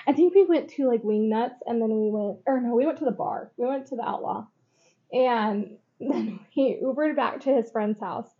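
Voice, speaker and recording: High-voiced young woman rambling and giggling through a story, kinda muffled lo-fi audio. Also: normal speed. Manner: giggly, rambling, lots of fillers. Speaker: podcast co-host. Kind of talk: casual chat. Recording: dull lo-fi sound.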